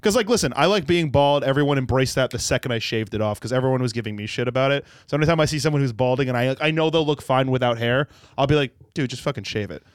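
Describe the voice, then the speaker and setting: Guy comedian on a podcast, quick jokey storytelling, dead dry sound. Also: mid-range voice, clear, resonant tone, dry recording. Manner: animated storytelling, quick joking, slips into impressions. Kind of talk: casual podcast chat.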